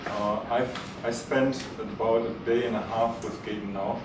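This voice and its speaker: Halting male host in a very echoey hall. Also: fairly low pitch, fairly even intonation. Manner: halting, many fillers and restarts. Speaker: event host. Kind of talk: live speech to an audience. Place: event hall. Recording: very echoey hall, mic far off, noisy.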